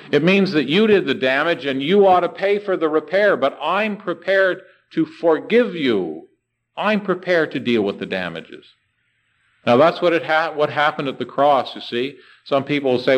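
A man preaching a sermon with a lively, rising and falling pitch. He keeps asking rhetorical questions and slows right down to stress the key words. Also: rough recording.

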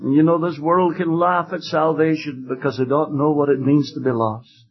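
A man preaching an evangelistic sermon, telling stories fervently and emphatically, with loud exclamations at times. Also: fairly high pitch, steady tone, normal speed, breathy edge, lo-fi sound, soft background music.

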